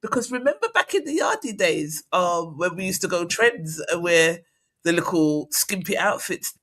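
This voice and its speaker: Bright-voiced woman reading comments. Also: on the low side, lively intonation, normal speed. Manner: reads out viewer comments with blunt, laughing asides. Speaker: host. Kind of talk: casual chat.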